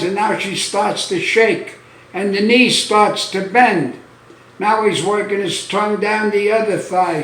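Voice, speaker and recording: A man tells dirty jokes like a deadpan storyteller, building each one slowly toward the punchline. His voice sits fairly high for a man. The sound is roomy and echoey, caught by a mic set far off. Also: slight background noise. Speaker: stand-up comedian.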